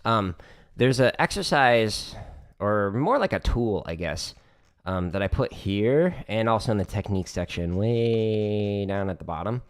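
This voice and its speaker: A man's voice: lowish voice, expressive, measured pace, smooth. A man casually explaining drum exercises on his practice livestream, chatty and joking as he goes.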